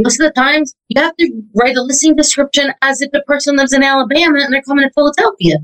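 Woman realtor guest, chatty, rattles off question lists fast. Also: sits high, a bit bright, poor audio. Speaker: real estate agent, guest. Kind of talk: casual interview talk.

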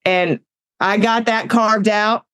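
A woman, telling personal stories in casual talk, animated and laughing often as she acts out the voices in her story. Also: mid-range voice, takes it slowly, smooth, no room sound. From Southern United States.

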